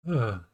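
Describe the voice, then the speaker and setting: A man chatting casually on a live stream from his home, often breaking into high baby talk for his dogs. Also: mellow, dull audio.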